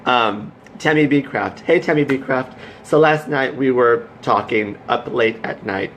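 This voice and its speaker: Animated man telling a rambling story. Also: medium pitch, unhurried, slight background noise, low-quality recording. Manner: animated, rambling storyteller who turns motivational. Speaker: vlogger. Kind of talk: casual storytelling vlog.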